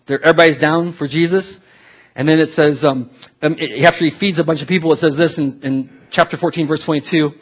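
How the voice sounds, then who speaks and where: A man preaching a sermon as pastor, telling a Bible story in a lively way, swinging from soft asides to loud acted-out voices. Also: fairly high pitch, a little fast.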